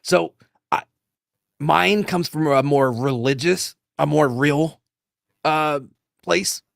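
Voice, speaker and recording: A man co-hosting a comedy show, bantering in character with a crude, deadpan, rambling manner. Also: on the high side, slow pace, creaky, no room sound, studio quality.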